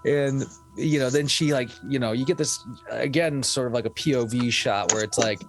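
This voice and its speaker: A man's voice: medium pitch, moderate pace, loud music behind the voice. Rambling, giggly podcast co-host man. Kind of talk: casual movie review chat.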